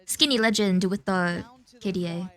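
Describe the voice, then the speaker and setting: Woman streamer hosting a watch party; energetic, shouts at big plays, then chats casually about the match. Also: on the low side. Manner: loud bursts of cheering between quick analysis. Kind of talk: excited esports co-watching chat.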